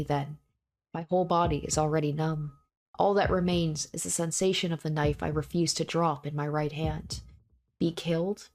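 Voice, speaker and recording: A woman's voice: deep voice, a little mellow. Woman reading as a grim young man narrating. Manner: grim, repetitive inner monologue. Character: young man narrating his own bloody fight. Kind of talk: visual novel read aloud.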